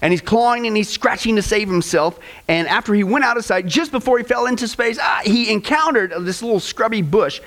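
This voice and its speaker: This is a pastor with a high-pitched voice and a brisk delivery. He preaches by telling lively stories and acting out the voices of their characters.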